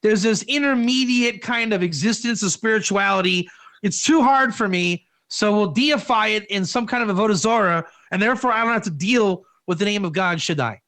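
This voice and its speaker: A man's voice: high-pitched, normal speed, a bit bright. A man teaching an informal Torah class in a rambling way, with many rhetorical questions and tag questions.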